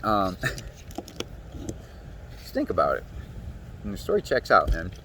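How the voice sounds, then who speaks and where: A man rambles through a profane monologue, and his pitch swings widely as he talks. He sounds a little far from the mic, and faint noise runs underneath. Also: huge pitch swings, unhurried, bright, forceful tone. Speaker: show host.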